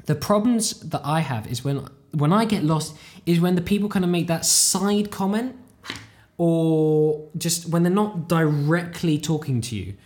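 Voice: medium pitch, measured pace, a little mellow. A British-accented podcast host, talking loosely and chattily on their own. The talk wanders from tangent to tangent, full of self-mocking asides and offhand swearing. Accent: British English. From United Kingdom. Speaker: podcast host, language learner. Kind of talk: casual rambling monologue.

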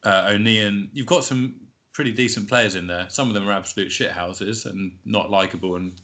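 A man's voice: fairly low pitch, bright, forceful tone. Chatty man talking football. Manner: chatty, laughs often, lists players quickly. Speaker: podcast co-host. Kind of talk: casual football fan chat.

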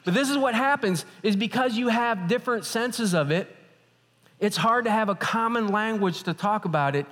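A male pastor preaching a sermon, telling stories in a lively, animated way. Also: high voice, moderate pace. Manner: animated storytelling. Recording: hall reverb.

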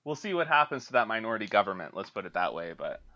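A man's voice: lowish voice, big pitch swings, quick pace, sharp tone, dull audio. A man from Alberta, Canada, a podcast guest chatting casually and swearing freely, laughing often over a remote call. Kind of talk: casual chat.

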